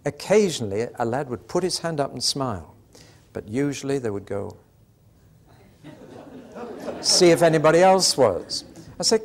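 A man's voice: on the high side, very animated, moderate pace, pauses often. An older British man preaching a sermon, telling stories and acting out the voices in the exchanges he recounts. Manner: storytelling, acts out quoted exchanges.

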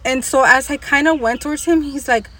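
Animated high-voiced woman, casual storytelling. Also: fairly quick. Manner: code-switching between English and Spanish, swearing freely; animated, laughing as she tells it. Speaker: podcast co-host.

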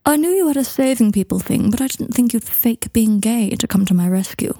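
Woman doing a sneering young man, pointed and dry, husky tone, dark sound. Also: mid-range voice, fairly quick, no echo. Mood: teasing. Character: sharp-tongued young man, sneering and guarded.

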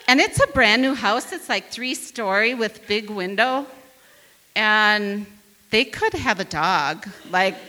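A woman's voice: mid-range voice, in a large hall. A woman from northern Wisconsin telling a funny personal story to an audience, acting out the voices of the people in it. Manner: lively, acts out quoted voices.

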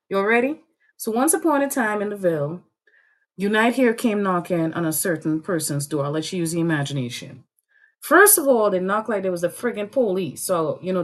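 A woman on a podcast panel giving heated political commentary, blunt and profane, telling a story and firing rhetorical questions. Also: mid-range voice.

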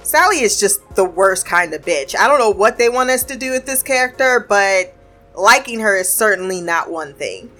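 A woman's voice: mid-range voice, lively intonation, normal speed, a bit bright, faint music behind. A woman casually recapping a TV episode. She talks in a chatty way, laughs often and swears freely.

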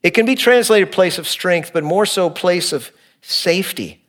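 Earnest preaching man, higher voice. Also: expressive, moderate pace. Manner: earnest preaching, shifting between emphatic and quiet, hushed delivery. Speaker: pastor. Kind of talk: expository sermon.

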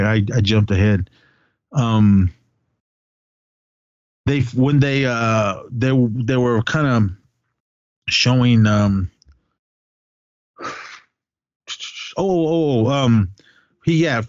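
Low-voiced man recapping a movie casually. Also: darkish tone, no room sound, muffled recording. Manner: rambling, full of restarts and casual swearing. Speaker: podcast co-host.

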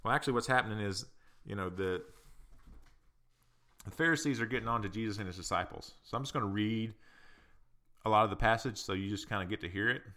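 A man's voice: fairly low pitch, fast, pauses often, pushed and bright. A man who is a counselor and podcast host, speaking in a casual, earnest, reflective monologue that mixes psychology and faith.

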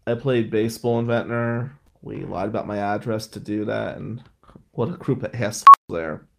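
Gravelly and lowish with a darkish tone, his voice moves at a normal speed. He's a middle-aged Atlantic City, New Jersey attorney who hosts a podcast, and his casual monologue is full of profane, ranting stories delivered with exhaustion.

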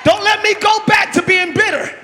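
A male pastor preaching a sermon in a large church hall, shouting and calling on the congregation to respond. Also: very high voice, steady tone, moderate pace. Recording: live church hall with long reverb, crowd noise.

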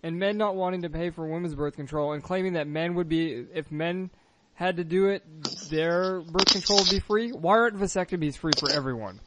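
A man's voice: on the high side, a little fast, a bit bright, slight background noise. A man co-hosting a casual chat, reading viewer comments aloud with a playful, joking manner. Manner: playful, laughs often, reads comments aloud.

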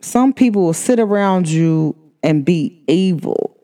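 A woman hosting a podcast, talking casually and emphatically to her listeners, full of "like" fillers, her voice swinging up high when excited. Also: unhurried. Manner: chatty and emphatic, many "like" fillers. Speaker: podcast host.

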